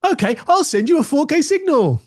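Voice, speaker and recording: A man doing a high-pitched chatty computer. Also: sing-song, a little fast, darkish tone, no room sound, studio quality. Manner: high, sing-song, voiced to explain a tech idea. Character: chatty computer talking to a monitor, eager and polite.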